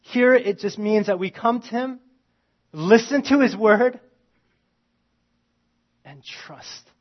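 A man preaching a sermon in a conversational, animated way, swinging from loud emphasis to quiet asides. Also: high-pitched, slow, dull audio. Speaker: pastor.

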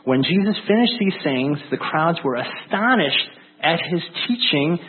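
A man's voice: a little high, lively intonation, unhurried, noisy background. A male pastor preaching a casual sermon in a rambling, conversational way full of fillers. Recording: tinny phone-like sound.

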